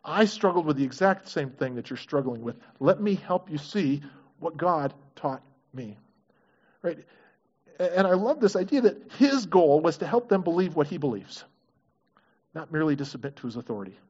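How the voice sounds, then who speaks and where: A man's voice: fairly high pitch, lively intonation, normal speed, husky. A man preaching a sermon, asking his congregation questions in an earnest, engaged way. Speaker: pastor. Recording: dull lo-fi recording.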